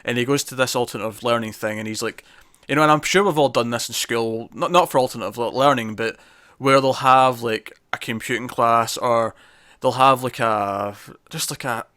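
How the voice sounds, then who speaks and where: A man's voice: mid-range voice, moderate pace, sharp tone, no room sound, studio quality. A man co-hosting a podcast, reviewing a TV episode in casual chat, rambling with many fillers and restarts.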